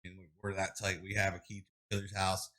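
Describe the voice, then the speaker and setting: Man, thirties, podcast guest; bright, slightly low voice, loose storytelling full of fillers. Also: fast. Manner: rambling, animated storytelling with many fillers. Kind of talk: casual interview chat.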